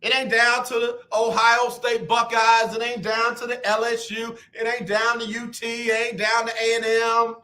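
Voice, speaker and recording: Man, sports radio host, high-pitched, bright, loud, teasing. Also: completely flat delivery, moderate pace, few pauses. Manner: trash-talking, teasing and loud. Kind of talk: animated sports talk radio.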